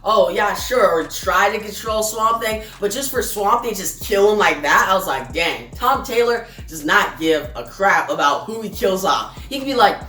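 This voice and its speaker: A woman's voice: medium pitch, animated, normal speed, hardly any pauses, sharp tone. A woman casually recapping a comic book issue, retelling the plot with lots of "like" and filler words. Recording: roomy distant recording with faint music.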